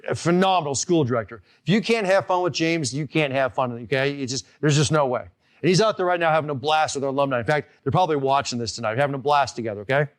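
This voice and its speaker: A man hosting a live online golf lesson as instructor, talking in an energetic, emphatic way and often checking in with "okay?". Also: on the high side, fast. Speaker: golf instructor and show host.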